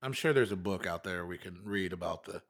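A man's voice: low-pitched, brisk, a bit bright. A young man co-hosting a podcast, chatting loosely, laughing and swearing freely. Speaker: podcast co-host. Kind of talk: casual chat.

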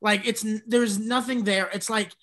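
A male stand-up comedian telling heckler stories in casual chat, animated and swearing, often breaking into laughter. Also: high-pitched, moderate pace.

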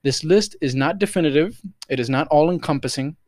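A young man co-hosting a podcast, chatting casually, swearing a lot, and putting on quick voices when he tells a story. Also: a little high, no echo, clean studio sound. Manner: animated, swearing, puts on voices for the cat. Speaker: podcast co-host. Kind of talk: casual chat.

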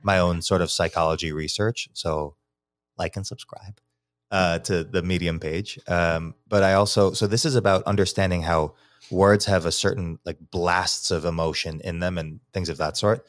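A man's voice: sits low, steady tone, normal speed, dry recording, studio quality. A man from New York, a teacher and psychology researcher, explaining poetry as a guest in a casual podcast interview, thinking aloud with many restarts.

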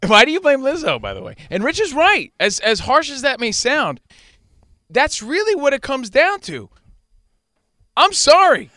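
A man's voice: extremely high pitch, huge pitch swings, unhurried, bright, forceful tone, no echo, studio quality. A man co-hosting a casual chat show, talking in an emphatic, fired-up way.

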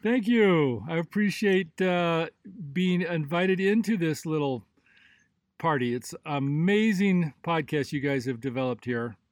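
Middle-aged man, podcast guest, friendly and appreciative, somewhat high voice, dry sound. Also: animated, unhurried, dry recording. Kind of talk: casual chat.

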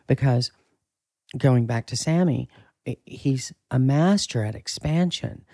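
A man talking as an acting coach in a casual interview, candid and emphatic, with a husky voice and the odd swear. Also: mid-range voice, slow pace, mellow, no room sound.

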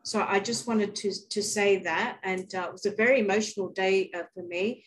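A woman's voice: medium pitch, steady tone, fairly quick, slight background noise, rough recording. Aussie woman rambling thru a story on a talk show, chatty n casual. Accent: Australian. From Australia. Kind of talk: casual chat.

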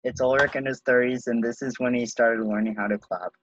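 A young man co-hosting a podcast in casual banter, laid-back and quick to laugh along. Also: mid-range voice, fairly even intonation. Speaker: podcast co-host. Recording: dull lo-fi mic.

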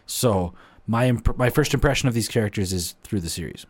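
A young man co-hosting a podcast, talking in a relaxed, reflective way. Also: on the low side, fairly quick, slightly rough. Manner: relaxed, reflective, laughs often. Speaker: podcast co-host, former set carpenter. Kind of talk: casual chat.

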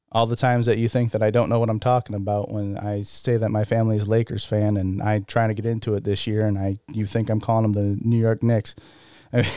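Male solo podcast host, casual rambler, self-deprecating, laughs a lot; smooth mid-pitched voice, dry close mic. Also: warm tone, no room sound.

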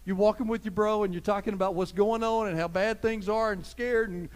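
A man preaching a sermon as pastor, talking straight to his listeners, swinging from loud emphasis to soft, hushed lines. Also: high voice, steady tone, brisk. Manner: conversational, addresses listeners directly.

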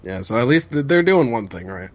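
A man's voice: mid-range voice, big pitch swings, a little fast. A man co-hosting a podcast in casual chat, mostly chiming in with short agreement. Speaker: podcast co-host.

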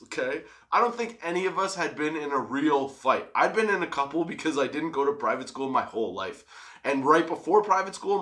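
A young man casually telling a profane story, laughing often. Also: a little high. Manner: profane, laughing, animated retelling.

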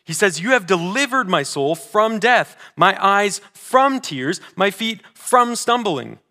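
A pastor delivers a sermon in a bright, somewhat high voice. He is earnest, swinging from forceful declarations to hushed, deliberate readings of scripture. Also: very animated. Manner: reads scripture slowly and deliberately.

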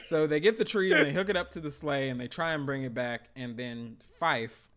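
A man's voice: a little high, a little fast, a bit bright. A man on a casual movie-review podcast, recapping the plot in a loose, rambling way, with fillers and chuckles. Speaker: podcast co-host.

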